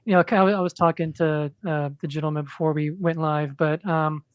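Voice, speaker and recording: A woman who creates comics, a guest in casual podcast chat, speaking hesitantly with many pauses. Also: deep voice, fairly even intonation, no room sound. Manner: hesitant, lots of fillers and restarts.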